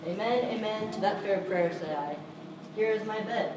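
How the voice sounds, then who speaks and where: A woman's voice: medium pitch, moderate pace, background noise, close to an everyday voice. A woman acting on stage as an ardent young male lover, speaking earnest courting verse. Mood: tender. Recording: distant echoey stage recording with ambience.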